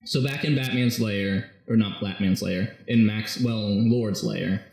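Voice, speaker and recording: A man in casual chat, animatedly retelling a comic story and slipping into quick quoted voices. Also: on the low side, vocal fry, a little mellow. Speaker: podcast co-host recapping a comic. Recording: echoey room.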